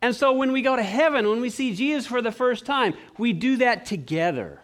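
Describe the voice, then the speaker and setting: A man preaching a sermon, animated and acting out the voices of the people he quotes. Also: very high-pitched, a little fast. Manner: clears throat often.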